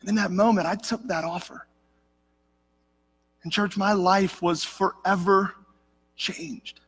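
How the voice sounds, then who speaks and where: A man's voice: high voice, steady tone, takes it slowly, fairly bright tone, husky. A middle-aged man preaching a sermon, telling a personal story earnestly and addressing the congregation as "church". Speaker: pastor. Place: church sanctuary. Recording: long reverb of a church hall.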